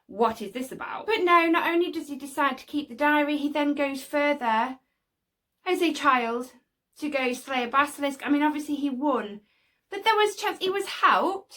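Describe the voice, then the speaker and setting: A chatty young Englishwoman with a slightly high voice hosts her own opinion vlog. She talks straight to camera, opinionated and a little scolding, and keeps it loose and conversational. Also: moderate pace, a bit bright. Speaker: video host.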